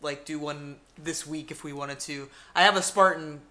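A woman's voice: sits low, normal speed. A woman co-hosting a podcast, telling a story in casual chat, swearing freely and acting out the people in it. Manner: animated storyteller, swears freely, acts out voices. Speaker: podcast co-host.

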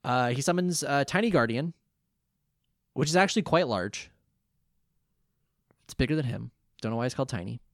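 A man's voice: medium pitch, moderate pace, long pauses, no echo, studio quality. A man in his twenties co-hosting a casual podcast, recapping an anime episode and acting out quotes as he tells it. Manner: animated storytelling, acts out quotes. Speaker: podcast co-host.

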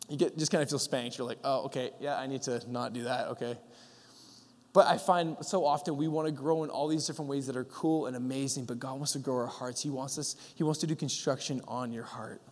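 A young man giving a sermon in a relaxed, storytelling way, full of fillers and acted-out lines. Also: medium pitch, fast talker, few pauses, a little hiss or hum. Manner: casual storytelling with fillers, acting out God's voice. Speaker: pastor. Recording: long hall reverb.

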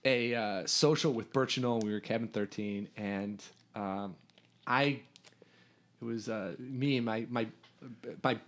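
A man from Hungary, a podcast guest, telling a story in an animated, rambling way with lots of restarts. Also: lowish voice, a little slow. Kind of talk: casual storytelling.

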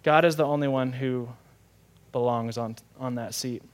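A young man preaching a sermon in a lively, conversational way, often asking the audience questions. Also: medium pitch, normal speed. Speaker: pastor.

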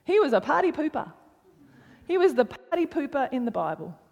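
A woman's voice: high-pitched, very animated, fairly quick, a little mellow, in a large hall. A woman preaching a sermon, emphatic, repeating phrases for stress and sometimes dropping to a near whisper.

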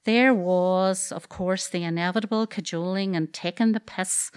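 A woman's voice: fairly low pitch, steady tone, moderate pace, smooth. A woman with a Northern Irish accent telling a true story on stage, wry and earthy, swearing freely and adding comic asides. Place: live event stage.

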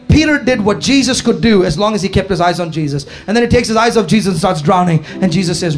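High-voiced preaching pastor, impassioned. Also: male voice, expressive, fast talker, soft background music. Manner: impassioned preaching, swinging from shouts to hushed tones. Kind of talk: sermon. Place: church hall before a congregation.

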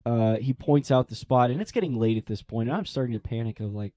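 Here a young priest speaks fast at a medium pitch, telling a personal story in a casual interview. He's animated, performs the voices he quotes, and uses "like" a lot.

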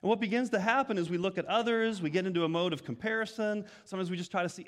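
High-voiced male pastor telling a story. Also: rapid-fire, hardly any pauses, big-room sound. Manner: conversational storytelling with many restarts. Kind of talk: sermon with personal story.

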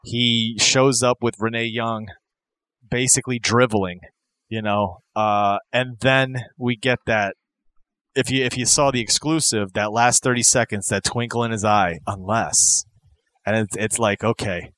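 A man co-hosts a podcast in a casual, enthusiastic chat, rambling and restarting his sentences. His voice is medium-pitched and a bit bright, with fairly even intonation, a moderate pace, and no echo.

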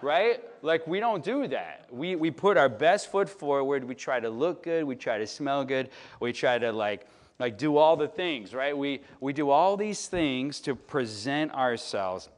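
A man in his late thirties from Chicago, preaching in a relaxed storytelling way and often asking the audience "right?" and "you know?". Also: mid-range voice, a little slow. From Chicago, United States. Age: late 30s. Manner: chatty, filler-heavy, asks the audience "right?". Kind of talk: conversational sermon storytelling.

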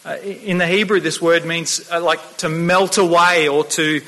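Earnest stammering preacher in a reverberant hall. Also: male voice, on the high side, fairly even intonation, pushed and bright. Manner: earnest, stammering restarts, slows for quoted scripture. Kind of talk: sermon.

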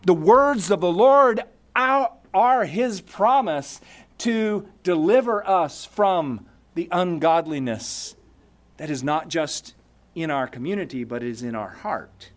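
A man's voice: high voice, lively intonation, slow pace. A man preaching a sermon, emphatic, asking the congregation rhetorical questions and reading scripture aloud. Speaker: pastor.

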